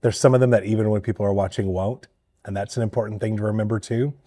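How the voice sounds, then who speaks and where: A man serving as a state party chair, talking candidly and bluntly in a political interview, with a husky voice. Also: lowish voice, steady tone, fast, dark tone, no echo, studio quality. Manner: candid, blunt, mildly profane.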